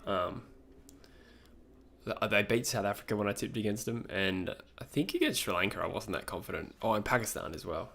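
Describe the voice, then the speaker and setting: Aussie bloke hosting a live stream, easygoing, reads out the chat and natters away. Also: male voice, fairly low pitch, fairly quick, creaky. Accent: Australian. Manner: relaxed, chatty, answers chat messages.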